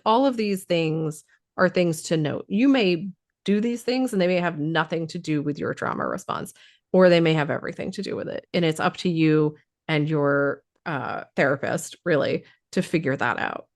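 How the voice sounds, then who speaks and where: Woman, slightly low voice, a bit worn from losing her voice, casual explaining, lots of ums and restarts. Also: moderate pace. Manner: thoughtful, many fillers and restarts.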